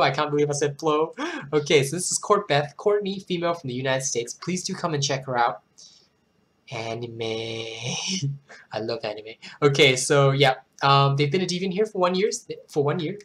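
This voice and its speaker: A channel host with a hoarse, worn-out throat reads poems dramatically and breaks into casual, self-deprecating chat between them. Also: mid-range voice, moderate pace. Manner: expressive, theatrical recitation, then chatty and self-deprecating. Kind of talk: dramatic poetry reading with casual asides.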